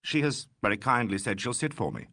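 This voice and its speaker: Man playing a laconic painter, dry and understated, husky voice, storybook mystery. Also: medium pitch, expressive, brisk, fairly bright tone, dry recording.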